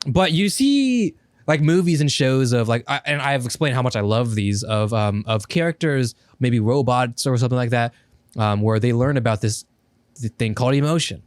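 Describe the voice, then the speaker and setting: A man's voice: medium pitch, animated, normal speed, no echo. A man co-hosting a casual podcast, pressing his point emphatically and cutting in, with some swearing. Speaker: podcast co-host.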